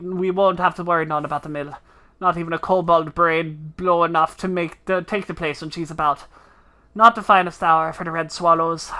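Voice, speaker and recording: A woman's voice: low voice, pushed and bright. A woman voicing a grumbling mercenary leader in an old-fashioned folksy dialect, muttering to themselves.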